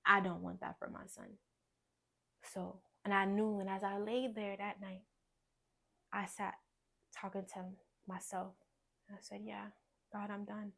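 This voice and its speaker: A young woman giving a personal testimony in conversation, earnest and storytelling, often dropping to a quiet voice. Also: little pitch movement, measured pace, gravelly, long pauses. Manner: earnest, storytelling, drops to quiet low voice when recounting. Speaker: guest sharing testimony.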